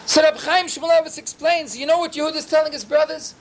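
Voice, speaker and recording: A man teaching a Torah class, telling stories with animated swings in pitch and many rhetorical questions. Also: quick pace.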